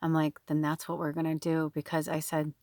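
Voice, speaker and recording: A woman's voice: low-pitched, monotone, brisk, a little mellow, dry recording, studio quality. A woman telling a personal story to her viewers in a chatty, emotional way, full of quoted dialogue. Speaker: tarot reader and spiritual medium. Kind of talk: casual storytelling to camera.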